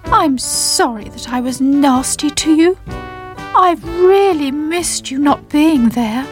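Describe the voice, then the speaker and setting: A woman voicing a gruff, remorseful kitchen utensil in a children's story. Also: sits high, lively intonation, slow. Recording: children's music playing behind.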